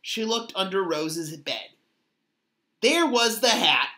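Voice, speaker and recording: A woman reading a children's storybook aloud in a slow, expressive way. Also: mid-range voice. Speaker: children's book reader. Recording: echoey room.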